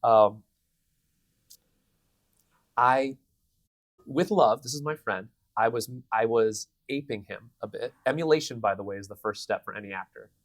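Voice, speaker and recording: A man in his thirties, a voice actor giving a convention interview, telling stories in an animated way with many restarts. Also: medium pitch, a little slow, pauses often, no room sound. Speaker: voice actor guest. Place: convention venue.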